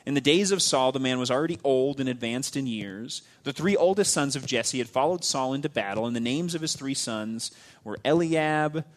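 A man teaching a casual Bible lesson, reading passages aloud and explaining them in a loose, conversational way, with fillers and phrase ends that drop off quietly. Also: mid-range voice, normal speed.

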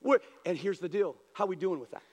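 High-voiced preaching man in a reverberant hall. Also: brisk. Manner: swings from hushed, low asides to raised, pleading prayer voices. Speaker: pastor. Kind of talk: sermon.

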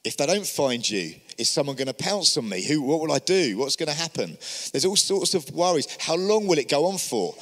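A man's voice: on the high side, sing-song, brisk, a bit bright, in a large hall. A man giving an encouraging church teaching talk, speaking earnestly and asking many rhetorical questions. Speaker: church leader.

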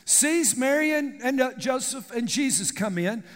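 Male pastor, high-pitched, animated preaching, reverberant hall. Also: normal speed. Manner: animated preaching, calls to the congregation. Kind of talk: sermon.

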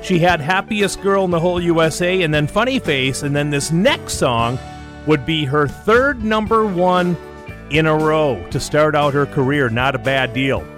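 A man's voice: on the high side, expressive, normal speed, fairly bright tone, faint music behind. A man hosting a classic country radio show, reading dates and song facts in upbeat, chatty announcer patter. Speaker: radio host. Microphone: close studio microphone.

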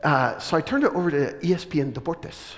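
A middle-aged man from the US West Coast, preaching a sermon and telling a personal story with animated, self-deprecating humor. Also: a little high, brisk. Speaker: pastor. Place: church sanctuary. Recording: long reverb of a large church hall.

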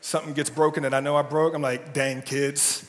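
Male pastor, casual and jokey, slightly high voice, long church reverb. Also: flat delivery, fast talker. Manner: casual and jokey, often asks "right?". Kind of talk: conversational sermon. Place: church sanctuary.

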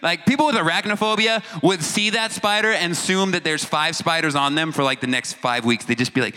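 Bright-voiced joking man, hall reverb. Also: fairly high pitch, brisk, hardly any pauses. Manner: joking, acts out reactions, stumbles over long words. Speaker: youth speaker. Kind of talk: casual talk to a teen audience.

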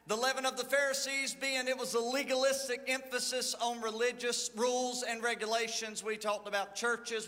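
High, bright-voiced preacher man. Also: in a large hall. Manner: folksy storytelling with dramatic Bible reading. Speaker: lead pastor. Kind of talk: sermon. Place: church sanctuary.

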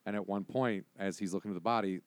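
A man tells a story in relaxed chat and acts out the different voices as he goes. His voice sits fairly low. The sound is dry and close to the mic. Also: quick pace, no room sound. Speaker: guest telling a story.

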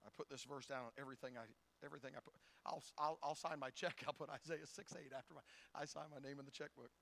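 A man's voice: medium pitch, fairly even intonation, fast talker, gravelly, a bit bright. A man preaching a folksy, humorous sermon who acts out little scenes and often stumbles and repeats words. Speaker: pastor.

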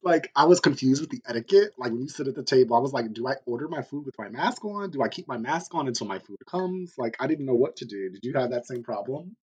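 A man's voice: mid-range voice, lively intonation, fast, few pauses, darkish tone, husky. A man co-hosting a podcast, teasing his co-host playfully in casual conversation. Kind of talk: casual chat.

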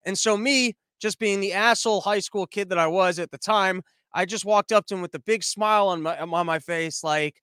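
High-voiced ranting American man. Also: steady tone, brisk, few pauses, sharp tone, clean tone, no room sound. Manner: profane, rambling, sarcastic. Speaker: commentary show host. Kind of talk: ranting commentary monologue.

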